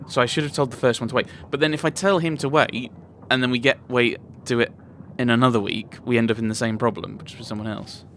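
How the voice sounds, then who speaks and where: A man narrating a game playthrough at a middle pitch, thinking aloud as he goes. His asides are wry and a little puzzled, and a faint background noise sits under his voice. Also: fairly even intonation, quick pace, hardly any pauses, fairly bright tone. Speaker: let's play host.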